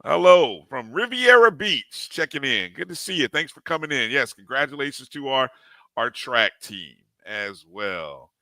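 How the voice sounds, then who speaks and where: A man's voice: medium pitch, sing-song, a little slow, sharp tone, no room sound. A man co-hosting a live sports talk show, animatedly greeting chat viewers one by one by name.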